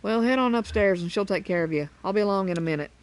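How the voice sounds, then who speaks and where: A woman reading a friendly game character's lines aloud in a slightly lower voice, with a plain reading. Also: fast talker, lightly acted, rough recording.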